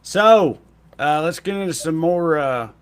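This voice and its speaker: Higher-voiced man cracking sarcastic jokes. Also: expressive, unhurried, clean tone. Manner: sarcastic, joking. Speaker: host. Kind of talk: casual political comedy chat.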